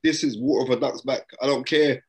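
A man's voice: medium pitch, steady tone, brisk. A middle-aged man, a boxing broadcaster guesting on an interview, giving motivational advice in an emphatic, repetitive, preacherly way with street slang, speaking from a hotel room. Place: hotel room during lockdown.

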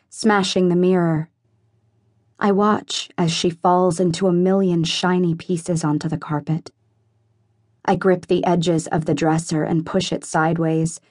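A woman's voice: on the low side, a little mellow, dry recording, studio quality. A woman reading a first-person audiobook in an emotional, intense dramatic style. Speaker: audiobook narrator.

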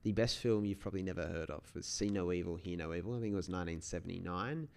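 A man's voice: deep voice, fast, creaky, a little mellow, smooth. A man hosting a solo podcast, talking in a casual, rambling way with many restarts. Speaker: podcast host.

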